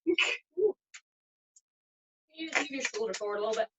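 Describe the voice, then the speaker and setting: A woman's voice: fairly high pitch, brisk, noisy background. Giggly woman doing magic on a video call. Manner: giggly, chatty. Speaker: magician performing. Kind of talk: casual live magic act on a video call.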